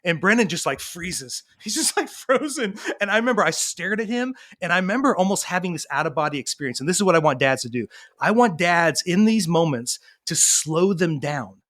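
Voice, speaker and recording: An animated man in his thirties telling stories in a casual interview. His voice sits a little high for a man, and he slips into the voices of the people in his stories. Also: brisk. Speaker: parenting coach and guest. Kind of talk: conversational storytelling.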